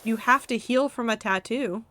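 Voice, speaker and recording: A woman's voice: a little high, moderate pace, sharp tone. A young woman streaming a game from home, chatting casually with her chat in a rambling way, laughing at herself. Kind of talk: casual chat reading live chat while gaming.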